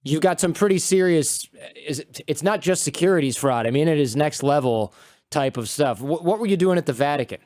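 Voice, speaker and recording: A man hosting a podcast, asking measured and curious questions and summing up his guest's story. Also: fairly high pitch, expressive, a little mellow, no echo, clean studio sound. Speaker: podcast host. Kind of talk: interview questions.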